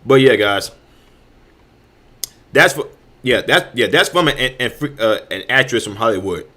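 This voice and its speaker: A man's voice: medium pitch, expressive, moderate pace, bright, forceful tone. A man hosting a show, delivering heated commentary full of restarts, repeated words and swearing. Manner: heated, repetitive, stammering restarts with frequent profanity. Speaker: host. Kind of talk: ranting commentary.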